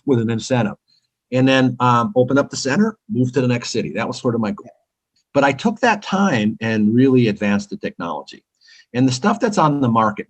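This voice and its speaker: A man's voice: husky, low-quality recording. A man from California, a company founder, giving eager, talkative answers in a casual interview. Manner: eager, talkative salesman pitch.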